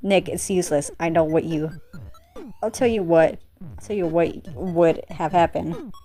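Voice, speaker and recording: An earnest young bunny cop pleads and explains herself with feeling, read out by a woman in her own lowish voice. Faint music sits behind her. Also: measured pace, mellow, close to an everyday voice. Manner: pleading, emotional. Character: earnest young female bunny police officer.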